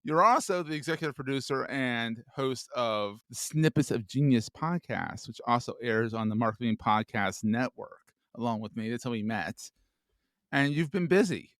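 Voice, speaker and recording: A man's voice: medium pitch, lively intonation, no echo. A man hosting a podcast interview, joking and easygoing as he chats with a guest. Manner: joking, easygoing, quick to laugh. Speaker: podcast host. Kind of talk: casual interview chat.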